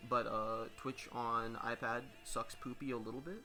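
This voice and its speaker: Man, streamer, casual rambling, swearing, bright tone, faint music behind. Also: medium pitch, steady tone. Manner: rambling, swearing, quick laughs. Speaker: streamer hosting a fighting-game tournament. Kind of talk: casual live-stream chat.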